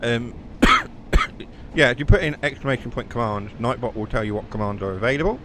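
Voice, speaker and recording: A West Country man from South West England streams a train game with casual, rambling live commentary and the odd bit of self-mockery. His medium-pitched voice swoops wildly in pitch, at a normal speed. There's background noise.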